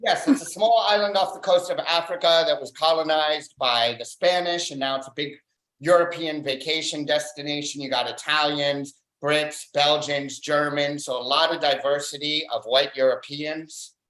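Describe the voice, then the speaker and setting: An open mic stand-up comedian doing a dry, deadpan set on a club stage, pausing often on fillers. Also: medium pitch. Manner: deadpan, dry one-liners with filler pauses. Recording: roomy club echo.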